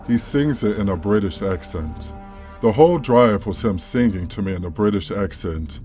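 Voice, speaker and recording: A man calmly reading a first-person story as a scripted narration. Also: lowish voice. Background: faint background music.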